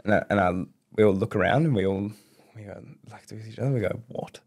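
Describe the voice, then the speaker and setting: A young man, his voice sitting fairly low, tells a rambling story on a casual podcast. He stumbles through restarts and "like"s as the story tumbles out. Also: darkish tone, slightly rough. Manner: rambling, fast, lots of fillers and restarts. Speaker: podcast guest.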